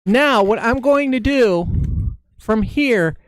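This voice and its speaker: Man with a smooth, dry voice teaching. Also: very high voice, animated, takes it slowly, no echo. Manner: chatty, talks through each step as he draws. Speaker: balloon artist teaching a live stream. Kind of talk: casual live-stream tutorial.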